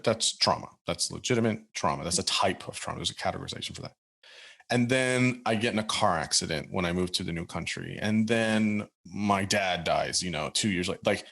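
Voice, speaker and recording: Gravelly-voiced man hosting a podcast. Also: low-pitched, a bit bright. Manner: thinking aloud with many restarts and fillers. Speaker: podcast host. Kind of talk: casual interview conversation.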